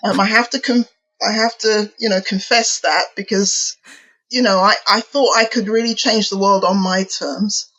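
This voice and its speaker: Husky-voiced British woman minister. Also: mid-range voice, steady tone, normal speed, fairly bright tone, dull audio. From England. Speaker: guest, minister. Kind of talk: interview storytelling.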